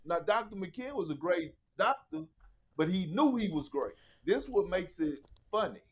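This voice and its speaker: A man guesting on a podcast, telling locker-room stories in a casual, animated and profane way, often acting out what others said. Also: high voice, moderate pace, breathy edge. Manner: animated, profane, acts out quotes. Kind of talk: casual storytelling.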